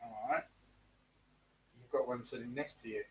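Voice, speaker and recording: A man's voice: mid-range voice, fairly even intonation, normal speed, far from the mic, low-quality recording. Chatty man, South African-tinged accent. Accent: South African-tinged Australian. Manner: chatty, reads out viewer comments. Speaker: co-host. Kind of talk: live-stream chat.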